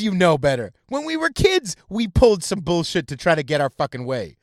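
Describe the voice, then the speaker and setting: Speaking fast with hardly any pauses, this podcast host's high, sing-song voice carries a heated, profane solo rant mocking its targets. He stumbles and restarts mid-sentence. The studio sound is clean, with no room sound.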